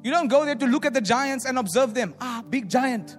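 A high-pitched male preacher, booming through a big reverberant hall with faint music underneath. He preaches with animated energy, acting out doubters' voices and swinging between loud declarations and hushed asides. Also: fast. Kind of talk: sermon.

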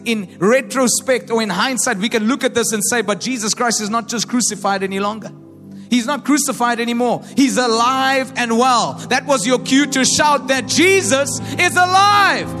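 A male preacher delivering an energetic call-and-response sermon to a congregation at a live-streamed service. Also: extremely high pitch. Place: large church hall during a live-streamed service. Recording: long hall reverb with faint music behind.

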